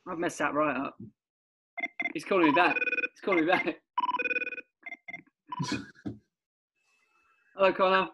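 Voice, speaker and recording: Bloke on a podcast, bit high voice, laughing and swearing, loose chat. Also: male voice, slow pace, long pauses, sharp tone, a little hiss or hum, low-quality recording. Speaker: podcast co-host. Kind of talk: casual podcast banter.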